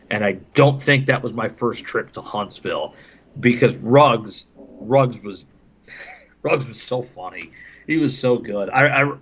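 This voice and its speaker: A man's voice: medium pitch, fairly bright tone, muffled recording. A man, a hockey broadcaster on a podcast, telling casual stories and laughing often as he talks. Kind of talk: casual storytelling.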